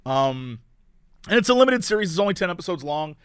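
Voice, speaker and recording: A man co-hosting a podcast in casual chat, excitable and rambling with lots of fillers. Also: high voice, fast, clear, resonant tone, no echo, clean studio sound. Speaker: podcast co-host.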